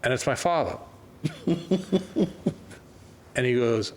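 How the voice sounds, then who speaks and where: A man's voice: mid-range voice, drawn-out words, vocal fry, pauses often, a little hiss or hum. An older man, a label founder, telling stories in a casual interview and acting out quoted dialogue. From New York. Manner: animated anecdotes, acts out quoted dialogue. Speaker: record label founder, guest.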